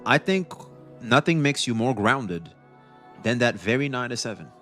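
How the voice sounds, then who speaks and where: A young male streamer chatting casually to his viewers, rambling through his points with restarts and loose swearing. His voice is bright and forceful, and soft music plays faintly behind him. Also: mid-range voice, normal speed. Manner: rambling, animated, swears freely. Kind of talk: casual livestream chat.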